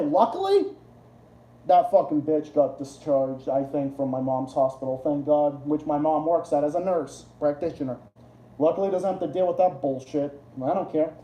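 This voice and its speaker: Ranting on his live game stream, this host rambles profanely, restarting and repeating himself in casual chat. Usually dark and mellow, his excitable voice shoots sharply upward when he gets heated, all in a roomy, echoey space.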